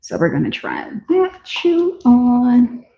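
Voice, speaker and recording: A woman vlogger with a slightly high, darkly toned voice full of vocal fry and wildly swooping pitch speaks slowly as she tries on and sells shoes. Her shop-with-me commentary is casual, chatty, and enthusiastic, aimed at viewers, in a roomy, slightly dull home recording.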